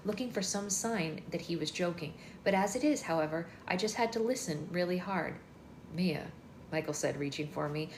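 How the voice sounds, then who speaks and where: A woman hosting a book club livestream, reading a novel aloud in a chatty first-person narrating manner, indoors. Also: fairly low pitch. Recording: echoey room with faint noise.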